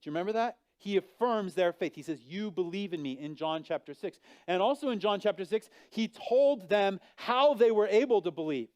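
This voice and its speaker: A man preaching in a smooth, resonant voice that sits a little above the usual male range. He is an animated pastor who acts out the figures in his story, rising and falling sharply in pitch and volume. The sound is close and dry, with no room echo. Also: brisk, hardly any pauses. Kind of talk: sermon.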